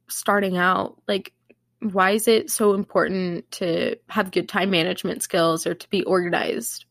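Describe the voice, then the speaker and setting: Bubbly young woman, nasal, gravelly edge. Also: high voice, no echo, studio quality. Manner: bubbly, chatty, full of "like". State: nasal from allergies. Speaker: podcast host. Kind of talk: casual solo podcast chat.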